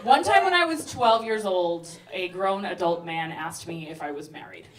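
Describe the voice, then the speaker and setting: A woman's voice: fairly low pitch, animated. Sardonic woman in her thirties doing stand-up. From Brooklyn, New York, raised in Texas. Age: 30s. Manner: quick, sardonic, acts out characters. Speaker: stand-up comedian. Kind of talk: stand-up comedy set. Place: comedy club stage. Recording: roomy club recording, heard from a distance. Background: audience laughing.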